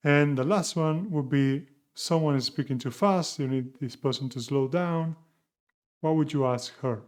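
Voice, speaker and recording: A man teaching a beginner Spanish lesson, chatting with learners and slowing down to model phrases. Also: a little high, a little mellow. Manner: chatty, asks learners questions.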